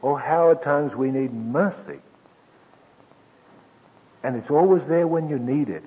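Husky preacher on old tinny radio. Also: male voice, a little high, expressive. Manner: slow, emphatic, with soft drops and sudden lifts. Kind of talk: sermon. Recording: tinny old radio broadcast with long reverb.

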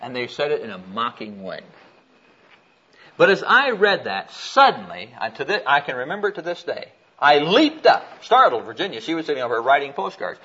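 A man delivers a sermon with animated storytelling, his pitch swinging widely as he reads scripture aloud. His bright, forceful voice has a breathy edge and moves at a normal speed, captured on a dull, lo-fi recording.

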